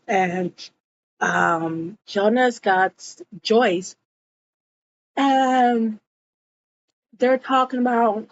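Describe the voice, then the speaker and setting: A woman recapping a TV episode in casual chat, slipping into quick voices for the characters' lines. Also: a little high, lo-fi sound, a little hiss or hum. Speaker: show recap vlogger.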